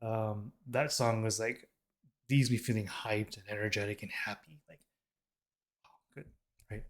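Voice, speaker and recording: Speaking at a measured pace in a lowish, steady voice, this K-pop reaction host from the United States talks to camera in a loose, casual way. He rambles, filling gaps with ums and frequently restarting or correcting himself.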